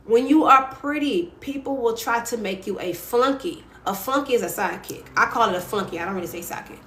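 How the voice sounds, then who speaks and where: A woman's voice: medium pitch, fast talker, fairly bright tone, reverberant, a little hiss or hum. A woman with a Louisiana accent hosting a livestream and giving advice in a blunt, sassy, profane way, often tagging on "right?". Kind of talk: casual livestream advice talk.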